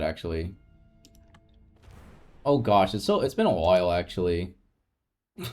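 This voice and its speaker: Soft-spoken man rambling on a gaming stream. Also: fairly low pitch. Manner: rambling and soft-spoken, with frequent restarts and light laughs. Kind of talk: casual live-stream chat while gaming.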